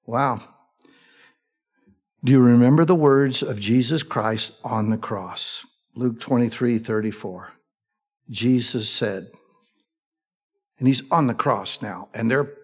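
A man's voice: medium pitch, slightly rough. A man preaching a sermon with fervor, throwing rhetorical questions to his listeners. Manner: fervent, rhetorical questions to the congregation.

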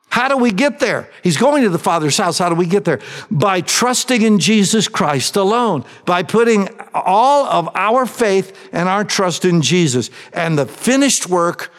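A man preaching a sermon, asking his congregation questions and answering them himself, swinging between raised emphatic lines and soft low asides. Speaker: pastor. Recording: long reverb of a large hall.

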